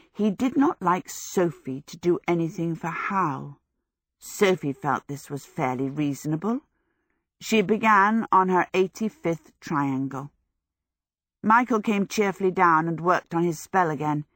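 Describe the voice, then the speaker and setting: A woman with a fairly low voice narrates a storybook at an even, steady pace. The sound is dry and close, with no room around her. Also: no room sound. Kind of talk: audiobook narration.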